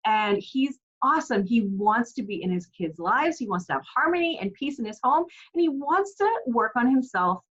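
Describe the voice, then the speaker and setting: A woman's voice: on the high side, expressive, moderate pace, hardly any pauses, fairly bright tone, breathy edge, highs cut off. A woman in her forties giving parenting advice as a coach, earnest and encouraging, often asking rhetorical questions. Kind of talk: direct-to-camera parenting advice.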